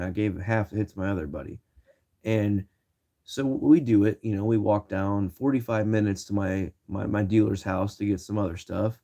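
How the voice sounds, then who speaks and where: Young male vlogger, early twenties, rambling slangy storyteller, lowish warm voice. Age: 20s. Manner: slangy, rambling, many fillers and restarts. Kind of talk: casual storytelling to camera.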